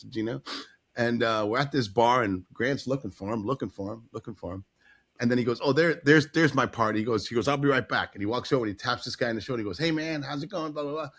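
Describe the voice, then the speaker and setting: A man swaps stories in casual podcast conversation, his voice sitting at an ordinary middle pitch. He acts out what people said as he goes and often breaks into laughter. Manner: animated storytelling, acting out quotes, frequent laughs. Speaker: guest storyteller.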